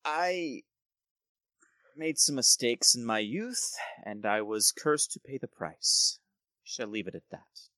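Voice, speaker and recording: A man doing a cursed lord whose sincere courtesy feels faintly unsettling. The voice is bright and swings freely in pitch. It is recorded close and dry. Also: lively intonation, slow pace, no room sound. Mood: guarded. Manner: courteous, smooth and welcoming.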